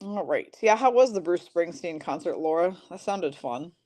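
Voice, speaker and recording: A woman hosting a live card break, rattling off player and team names and chatting casually with viewers between pulls, clearing her throat now and then. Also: lowish voice, animated, normal speed, a little mellow, no echo.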